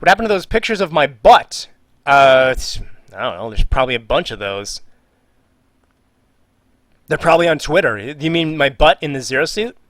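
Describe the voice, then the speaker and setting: A man's voice: a little high, big pitch swings, normal speed, long pauses, fairly bright tone, no room sound. A man on a live stream, reading out viewer questions and answering with jokes, trailing off and muttering while he works. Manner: jokey, reads viewer questions aloud. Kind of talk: casual live-stream chat.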